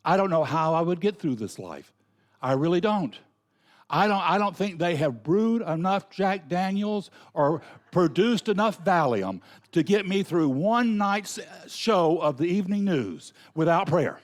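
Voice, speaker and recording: Southern man preaching a folksy sermon. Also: fairly high pitch. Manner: folksy, earnest, conversational preaching with asides. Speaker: minister.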